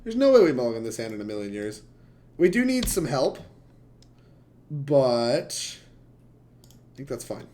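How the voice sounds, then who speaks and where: A man's voice: mid-range voice, sing-song, measured pace, long pauses, darkish tone, slight background noise. A young man streaming a card game, chatting and rambling to his chat in a casual, laughing way. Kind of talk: casual gameplay commentary to chat.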